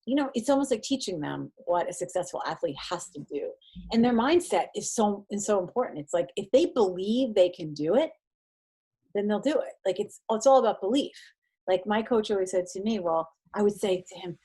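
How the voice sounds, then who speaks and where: A woman in her thirties, a triathlete and mindset coach, talks casually as a guest on an interview podcast. She's animated, acting out quoted exchanges in a higher voice, and her own voice is fairly quick and slightly rough.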